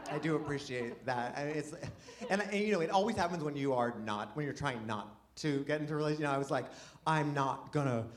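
Rambling stand-up comic with crowd laughter. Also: male voice, a little high, fast, few pauses. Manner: rambling, self-deprecating, animated with frequent restarts. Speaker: stand-up comedian. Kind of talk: stand-up comedy set. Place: comedy venue with a live audience. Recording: noisy live room. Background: audience laughter.

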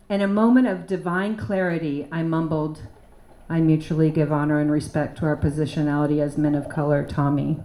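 A woman doing a dramatic reading of a personal piece at a literary event, with a sardonic delivery and sudden loud bursts. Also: medium pitch. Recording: echoey room.

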